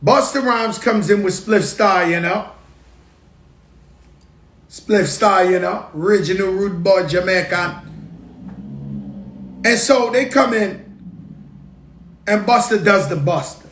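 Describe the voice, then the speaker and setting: A man hosting his own show, telling stories in a lively, casual way. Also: high voice, slow pace, long pauses, slight background noise. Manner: animated, tells stories with hype and sound effects. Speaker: show host. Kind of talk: casual storytelling monologue. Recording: roomy echo.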